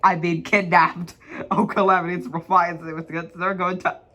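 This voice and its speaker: A man's voice: sits high, flat delivery, normal speed, sharp tone. A man doing a jittery tiny panicking storybook man. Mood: panicked. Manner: shrieking, stammering panic. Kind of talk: storybook read-aloud.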